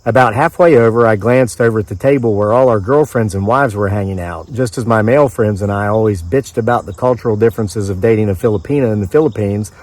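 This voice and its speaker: A man's voice: fairly low pitch, fast talker, few pauses, a little mellow. A man from the mid-Atlantic United States reading his own story aloud outdoors in the woods, in a dry, conversational storyteller's manner with offhand asides.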